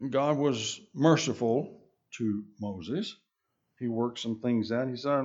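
A man preaching a sermon, reading scripture aloud and slowing down on key phrases. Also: medium pitch, darkish tone, husky, highs cut off. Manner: reads scripture aloud, slows down for emphasis.

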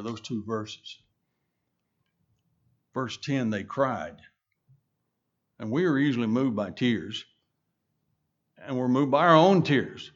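A man preaching a sermon, reading scripture aloud and slowing down on key phrases. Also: a little high, muffled recording. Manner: reads scripture aloud, slows down for emphasis.

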